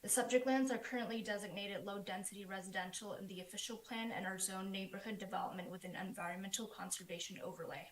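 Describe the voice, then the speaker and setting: A woman's voice: mid-range voice, fairly even intonation, fast talker, hardly any pauses. A woman planner reads steadily through a formal prepared report. Her voice comes over a remote call with a roomy echo and a faint hiss behind it. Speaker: planner presenting a proposal. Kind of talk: formal presentation. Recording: echoey remote call audio.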